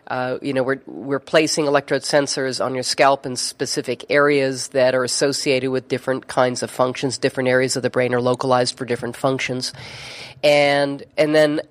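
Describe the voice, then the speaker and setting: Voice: medium pitch, level tone, normal speed. A neurofeedback therapist telling a story in conversation, chatty, with frequent fillers and restarts.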